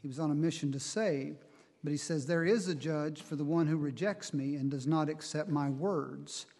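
A man preaching a sermon, reading scripture in a measured way and explaining it. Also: fairly high pitch, dark tone, in a large hall. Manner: measured Bible reading and teaching, slow on quoted verses.

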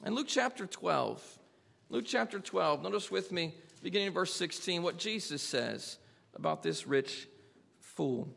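A man's voice: high-pitched, animated, unhurried, creaky, fairly bright tone. A male pastor preaching a sermon, speaking emphatically and putting rhetorical questions to his congregation. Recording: long reverb of a large hall.

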